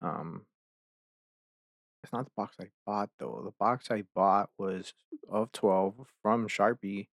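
A man's voice: lowish voice, fairly even intonation, takes it slowly, no room sound. Cursing, exasperated young man ranting. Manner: profane, ranting, easily exasperated. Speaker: podcast host. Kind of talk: casual chat.

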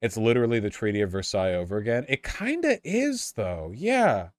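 A man streaming live, chatting casually and excitably with his viewers, swearing freely. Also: mid-range voice, fairly quick, dry recording, studio quality.

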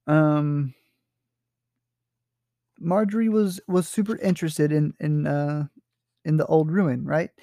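Teacher, gravelly voice, mellow tone, hesitant, fillers, dry recording. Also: medium pitch, steady tone, slow pace, pauses often, dry recording. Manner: hesitant, lots of fillers and checks with "right?". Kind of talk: literature lesson, explaining a story.

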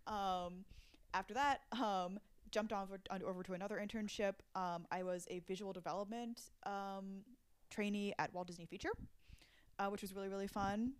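A woman's voice: mid-range voice, fairly even intonation, moderate pace, clear, resonant tone. Young woman guest, casual and talkative, filler-heavy, easy laugh. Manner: chatty, laughs often, many fillers. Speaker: storyboard artist guest. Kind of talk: casual interview chat.

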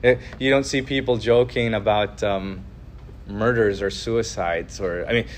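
A man's voice: on the low side, fairly even intonation, measured pace, a little hiss or hum. Earnest man teaching with many restarts. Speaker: podcast host teaching on the Ten Commandments. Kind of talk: casual religious teaching.

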